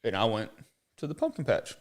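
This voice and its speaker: Animated man telling a story on a podcast. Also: brisk. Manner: animated, jumps up in pitch when acting out other people. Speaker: podcast co-host. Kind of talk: casual chat, storytelling.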